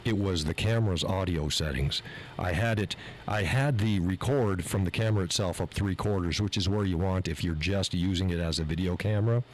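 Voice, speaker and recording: A man's voice: sits low, brisk, a little hiss or hum, rough recording. A man hosting his live show, telling an exasperated story with swearing and rising heat. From USA. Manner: animated, exasperated, swears freely. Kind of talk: casual storytelling rant. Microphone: mixer board mic.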